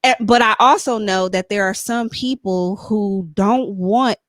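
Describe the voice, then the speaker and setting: A woman's voice: medium pitch, measured pace, no echo. Earnest woman podcast host, dry sound. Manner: earnest, encouraging, repeats "you know what I'm saying". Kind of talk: casual chat.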